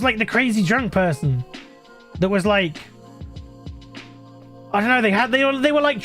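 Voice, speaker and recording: A British man with an unusually high voice tells a story to his live stream in loose, rambling chat. He stumbles over restarts and fillers and laughs mid-sentence, while soft music plays quietly in the background.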